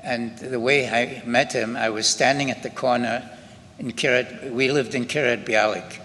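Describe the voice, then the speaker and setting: An older man with a Scottish accent, giving slow, halting spoken testimony to an audience in a synagogue hall. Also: mid-range voice, fairly even intonation, a bit bright. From Scotland. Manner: slow, halting storytelling with many pauses and restarts. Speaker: Holocaust survivor giving testimony. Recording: reverberant hall with faint ambient noise.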